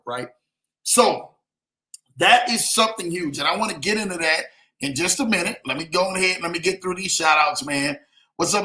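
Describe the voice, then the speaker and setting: A man hosting a casual livestream, hyping viewers with shout-outs and repeated "man" between phrases. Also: high-pitched, reverberant. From lives in Denver. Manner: hype, repetitive "man" and "in the building". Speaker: livestream host.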